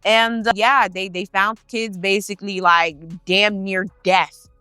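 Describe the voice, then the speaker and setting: A woman's voice: mid-range voice, fairly even intonation, slow pace, sharp tone, smooth, no echo, soft background music. A woman telling a paranormal story in a casual, chatty way, swearing freely and talking straight to her viewers. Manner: chatty, profane, addresses the viewers directly.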